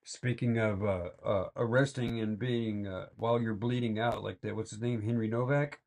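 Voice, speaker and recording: A man's voice: on the low side, steady tone, normal speed, creaky, a little mellow. A man giving rambling, exasperated reaction commentary full of fillers and restarts. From Texas. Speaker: reaction video host. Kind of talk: casual ranting commentary.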